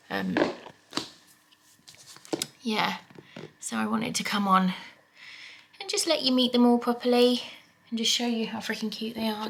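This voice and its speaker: A woman in her thirties with a British accent, vlogging at home in a soft, emotional way and coaxing her cats. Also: a little high, expressive, measured pace, vocal fry, pauses often, slight background noise. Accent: British English. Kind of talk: casual chat to camera.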